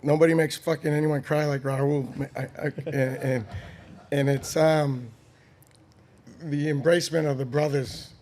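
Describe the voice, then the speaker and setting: A man's voice: a little high, steady tone, unhurried, a little mellow. A man with a Boston accent, a guest on a podcast, talking earnestly and bluntly with casual swearing. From Boston, Massachusetts. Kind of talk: candid conversational interview.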